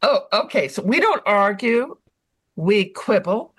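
A woman's voice: medium pitch, big pitch swings, unhurried, breathy edge. A woman in a casual group conversation, explaining animatedly and rambling with many restarts. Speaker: haiku group member.

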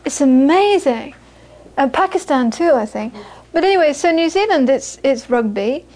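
A woman teaches as a Buddhist teacher, her voice bright and high. She tells anecdotes with animated quoted voices and drops to a soft, hushed tone for reflection. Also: normal speed, slight background noise. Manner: storytelling, animated when quoting, soft and hushed on inner peace. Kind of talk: dharma talk with anecdotes.

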